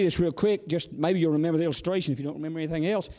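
A man's voice: on the high side, big pitch swings, very fast, darkish tone, in a large hall. A man preaching a sermon, folksy and storytelling, sometimes exclamatory and sometimes chatty. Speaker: visiting preacher.

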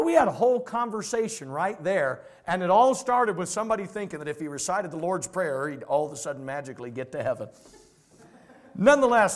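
A man preaching as pastor at a midweek Bible study, telling stories in a lively conversational way. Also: sits high.

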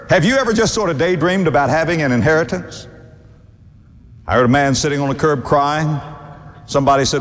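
A man's voice: fairly high pitch, big-room sound. A man preaching a sermon, stretching out scripture quotes and chuckling now and then. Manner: animated, drawn-out scripture quotes, warm chuckles.

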